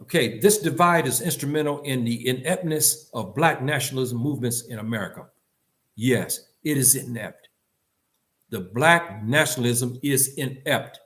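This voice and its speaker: A man's voice: mid-range voice, normal speed, a bit bright. An older man giving an impassioned monologue to his community, blunt and scolding, repeating himself and firing off rhetorical questions. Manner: emphatic, repetitive, rhetorical questions. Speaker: commentator addressing his community.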